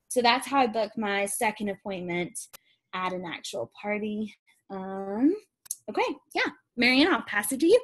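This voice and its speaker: A woman's voice: mid-range voice, animated, moderate pace, no room sound. A young woman on a video call, giving an upbeat, chatty sales training talk, laughing often and acting out customers. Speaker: sales team leader.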